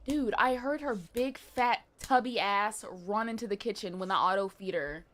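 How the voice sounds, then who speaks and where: A woman's voice: medium pitch, moderate pace, fairly bright tone. A young woman streaming live, chatting casually with her viewers and reading chat aloud, swearing now and then.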